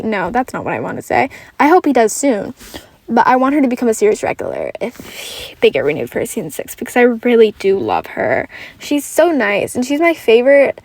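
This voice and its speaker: Rambling young woman, lively tired chatter. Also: a little high, no room sound. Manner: rambling, self-correcting, swears casually. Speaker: podcast host. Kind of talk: casual solo podcast chat.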